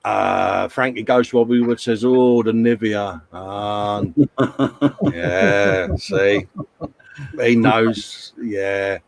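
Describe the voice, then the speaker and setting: A man's voice: on the low side, steady tone, very slow, vocal fry, no room sound. A man, co-hosting a live stream and chatting casually while reading viewer comments aloud. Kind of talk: casual banter.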